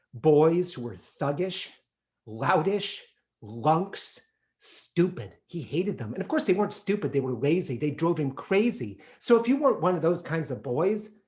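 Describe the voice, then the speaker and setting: Animated man telling a comic life story. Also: on the high side. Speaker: solo performer. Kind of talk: autobiographical solo theatre monologue.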